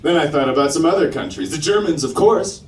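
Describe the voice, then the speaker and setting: A man's voice: on the high side, expressive, fairly quick, darkish tone. A man doing a stand-up comedy set, crude and mocking, trying out silly accents. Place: comedy club stage. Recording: roomy club sound from a distant mic. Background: audience laughing.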